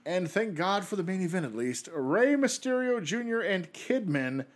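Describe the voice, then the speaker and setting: A man co-hosting a casual podcast, recapping old wrestling shows as an animated storyteller who laughs often. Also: high voice, normal speed. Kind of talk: casual chat.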